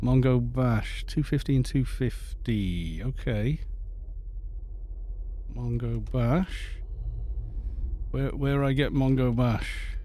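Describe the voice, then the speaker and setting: Welsh man, mid-pitched, mellow, chatty, rambling, live-stream talk. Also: slow, pauses often. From Wales. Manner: rambling, chatty, reads chat aloud and greets viewers. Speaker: game streamer. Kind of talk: casual live-stream chat while playing.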